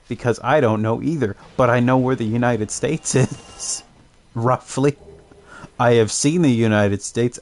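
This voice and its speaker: A young man, streaming a game and chatting casually. He rambles through loose, self-amused asides and jokes, in a voice of ordinary middle pitch for a man. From Canada. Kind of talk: casual commentary while gaming.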